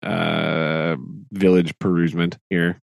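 A man's voice: sits low, level tone, slow pace, vocal fry, dry recording. A man co-hosting a casual podcast chat, playful and full of mock-dramatic groans. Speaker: podcast co-host.

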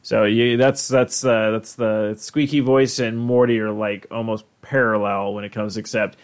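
A man's voice: lowish voice, flat delivery, normal speed, clear, resonant tone. Rambling jokey male podcast co-host. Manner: rambling, jokey, full of restarts. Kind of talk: casual chat.

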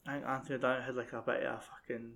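A man's voice: medium pitch, flat delivery, very fast, vocal fry, fairly bright tone. A man with a Scottish accent chatting about films in a laid-back, sweary way, full of "like" fillers. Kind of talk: casual chat about films.

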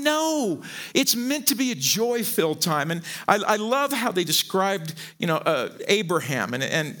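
A middle-aged male pastor delivers a sermon in a high, ringing voice. His pitch leaps around constantly as he jokes and stumbles into repeated words. He sounds bright and animated throughout.

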